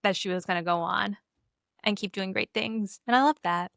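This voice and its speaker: Bright chatty young woman co-host. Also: medium pitch, moderate pace, creaky, dry recording, clean studio sound. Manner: chatty, bubbly, full of "like" and "um". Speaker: podcast co-host. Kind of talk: casual chat.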